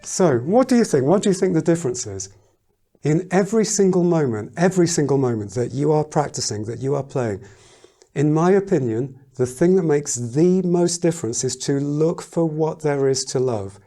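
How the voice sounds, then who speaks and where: A man teaching a piano lesson in a casual, thoughtful way, pausing often and humming rhythms aloud. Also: a little high, animated. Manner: thoughtful, hesitant, sings and counts rhythms aloud. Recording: loud piano playing behind the voice.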